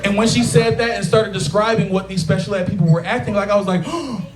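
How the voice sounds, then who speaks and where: A man in his late twenties doing a profane, animated stand-up set, acting out quotes, on a taproom stage. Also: high voice, quick pace, very noisy. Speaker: stand-up comedian. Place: taproom stage with a live audience. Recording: echoey bar room with loud crowd laughter.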